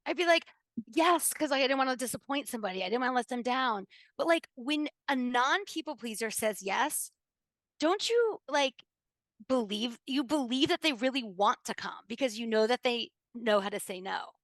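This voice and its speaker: A woman's voice: on the high side, lively intonation, moderate pace, fairly bright tone, dry recording. A woman guest life coach chatting casually and agreeably on a podcast.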